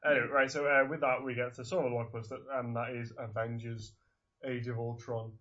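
A man's voice: mid-range voice, level tone, brisk, fairly bright tone. A man hosts a loose film chat, rambling and restarting his sentences before pulling the talk back on track. His voice sits in a middle range. The recording is muffled and lo-fi. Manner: rambling, trails off and restarts, steers topics. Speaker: podcast host.

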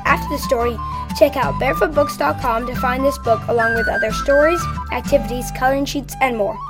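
High-voiced woman announcing over music. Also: very animated, brisk. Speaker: podcast host. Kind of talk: scripted podcast intro and outro.

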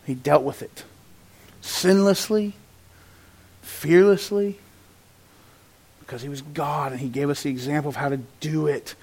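High-voiced preacher with dynamic swings. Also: male voice, unhurried, long pauses, husky. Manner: animated, swings from loud to hushed, acts out quotes. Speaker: pastor. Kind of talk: sermon.

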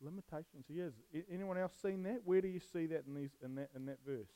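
A man's voice: a little high, fast talker, dark tone, poor audio. A man preaching on a Bible passage in a casual, jokey way, often putting questions to his listeners. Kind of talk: casual sermon with questions to the audience.

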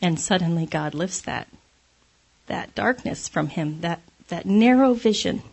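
Woman, husky voice, devotional talk, conversational, self-deprecating, laughs often. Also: fairly low pitch, expressive, measured pace, a little mellow. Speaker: speaker sharing a devotional talk.

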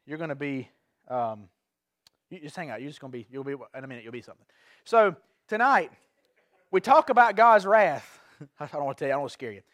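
A man's voice: a little high, animated, brisk, long pauses, fairly bright tone, dry recording, studio quality. A man preaching an evening sermon to his congregation. He is earnest, repeats and restarts phrases, and puts questions to the listeners. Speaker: pastor. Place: church sanctuary.

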